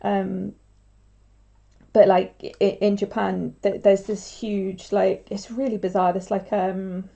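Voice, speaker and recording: A woman's voice: mid-range voice, level tone, slow pace, gravelly, dark tone. A young woman chatting casually on a craft livestream, rambling with lots of filler words.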